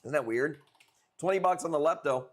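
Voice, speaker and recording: A man's voice: fairly high pitch, brisk. A young man from the Chicago area chatting loosely with viewers during a live coral auction stream, swearing casually as he talks. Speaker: livestream coral seller. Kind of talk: casual livestream chat.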